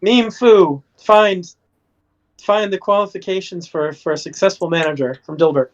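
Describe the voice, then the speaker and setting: A man's voice: sits high, normal speed. A man playing in a tabletop game who jokes around, stumbling and restarting as he talks. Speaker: player. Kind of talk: casual tabletop game chat. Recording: dull lo-fi audio.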